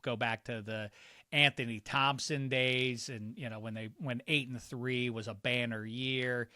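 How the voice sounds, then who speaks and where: A middle-aged man from around Pittsburgh with a warped, hard-to-place American accent, chatting as a guest on a sports podcast, animated and jokey with quick comic impressions. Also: mid-range voice, dry recording, studio quality. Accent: warped, hard-to-place Pittsburgh-influenced American. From Pittsburgh area. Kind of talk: casual sports podcast chat.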